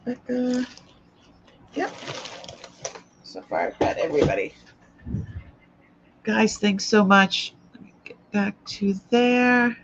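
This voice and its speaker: With a slightly high voice, a woman takes her time and pauses often as she hosts a live jewelry sale in an old Boston accent. She's chatty, thinking aloud as she handles items. The recording has cut-off highs and a little hiss or hum.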